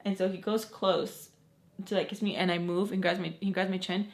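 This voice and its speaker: A woman's voice: medium pitch, fairly quick, a little hiss or hum. Young woman rambling through a storytime. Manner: rambling, lots of "like" fillers, animated retelling. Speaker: vlogger. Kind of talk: casual storytime.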